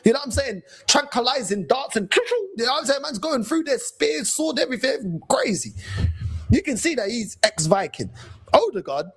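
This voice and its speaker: Man, London accent, high voice, casual mocking rant, slangy. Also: big pitch swings, moderate pace, fairly bright tone, husky. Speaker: fan channel host.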